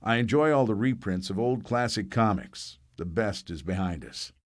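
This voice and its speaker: A man reading reflective first-person memoir text in a wry, measured way. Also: on the low side.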